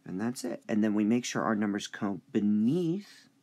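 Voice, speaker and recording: A man teaching a high school English review lesson, speaking slowly and deliberately and drawing out stressed syllables. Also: animated, a little mellow.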